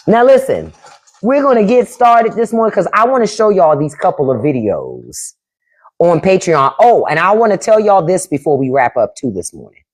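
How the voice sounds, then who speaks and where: A woman hosting a casual livestream chat with viewers, animated, laughing often and mimicking family speech. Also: on the low side, normal speed, pauses often. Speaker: podcast host on a livestream.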